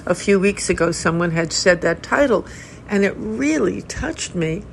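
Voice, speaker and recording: An older woman, a Zen teacher hosting her own podcast, giving a reflective talk in a gentle, unhurried way with soft laughs. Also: fairly low pitch, animated, vocal fry, slight background noise, low-quality recording.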